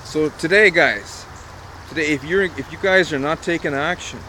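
A man's voice: a little high, normal speed, pushed and bright, a little hiss or hum. A man telling a motivational story in a casual vlog, talking straight to his viewers, emphatic and repetitive, with a little swearing. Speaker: online marketer.

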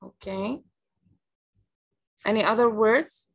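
A woman's voice: mid-range voice, slow, gravelly, breathy edge. A woman with an Egyptian accent teaching an online English lesson over a video call. She repeats each new word several times and explains it in Arabic.

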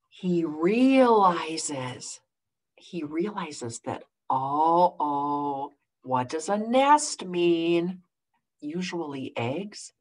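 Animated woman reading aloud to preschoolers. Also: low-pitched, drawn-out words. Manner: animated, asks the children questions. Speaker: children's librarian. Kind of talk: picture book read-aloud for preschoolers.

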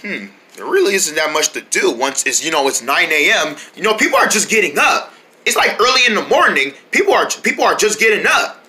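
A chatty, rambling heroic squirrel, a big-brother type, as a performer puts him on with a very bright, sharp tone. The voice swoops around a lot, lively and animated in a homemade toy story. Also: mid-range voice, a little fast. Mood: playful.

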